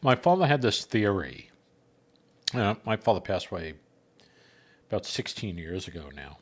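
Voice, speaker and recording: Halting man with a lively voice. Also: low voice. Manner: hesitant, halting with many fillers. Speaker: podcast co-host. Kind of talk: casual chat.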